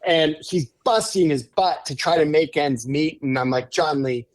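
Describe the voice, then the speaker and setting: An excitable male podcast guest tells a story with lots of energy and builds up his enthusiasm as he goes. His voice sits a bit high for a man. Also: normal speed. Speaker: podcast guest, author and keynote speaker. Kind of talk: animated storytelling in casual conversation.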